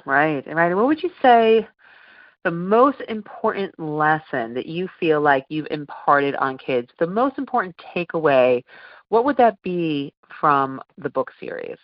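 A woman's voice: low-pitched, expressive, unhurried, no echo, highs cut off. A woman hosting an interview, introducing her guest and asking him questions attentively. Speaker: interview host.

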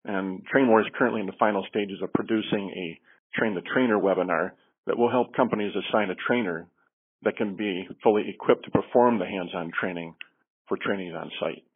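A middle-aged man with a low, husky voice talks earnestly as a podcast guest, explaining safety training with frequent fillers and restarts. He comes through a tinny phone line. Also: fairly quick. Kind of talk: podcast interview answers.

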